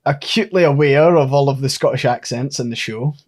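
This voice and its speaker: A man's voice: medium pitch, fairly quick, darkish tone. A man co-hosting a podcast who thinks aloud and lays out his theories at length in a casual chat. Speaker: podcast co-host.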